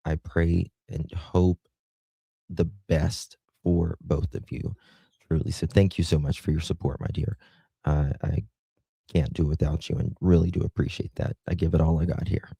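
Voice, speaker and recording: A man's voice: very deep voice, little pitch movement, moderate pace, creaky, dark tone, breathy edge, dry recording. A man hosting a casual livestream, thanking viewers one by one with affectionate endearments. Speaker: livestream host. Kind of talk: casual livestream chat, reading viewer comments.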